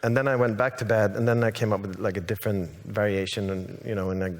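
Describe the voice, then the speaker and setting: Swedish-born guy, low voice, rambling and hesitant, lots of ums, echoey big hall. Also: fairly even intonation, quick pace. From Sweden. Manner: hesitant, rambling, many restarts and fillers. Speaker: songwriter guest. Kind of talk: casual stage interview. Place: large hall on stage.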